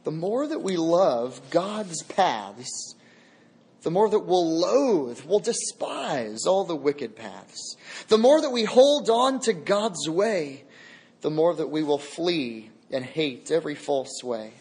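Slow, emphatic male preacher. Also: fairly high pitch, big pitch swings, a little mellow. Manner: emphatic, repeats key phrases. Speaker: pastor. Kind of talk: sermon.

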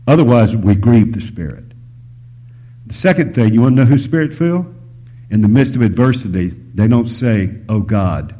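A male preacher delivers a sermon in a low, husky voice with a dark, mellow tone. He swings from loud, emphatic lines to hushed whispers and draws the listeners in with stories and questions. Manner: storytelling, asks the audience questions.

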